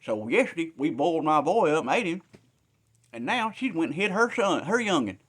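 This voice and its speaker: Guy doing a high complaining gal, folksy and fed up. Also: sing-song, brisk. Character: desperate starving woman, plainspoken and indignant.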